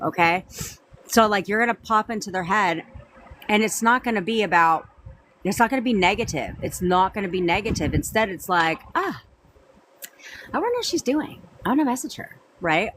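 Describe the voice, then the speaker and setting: A chatty woman hosts a live stream from her phone, talking at a middle pitch. She answers viewers by name, repeats her points and swears casually. A faint hiss of room noise sits behind her voice. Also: fairly bright tone. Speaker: manifestation coach hosting a live stream.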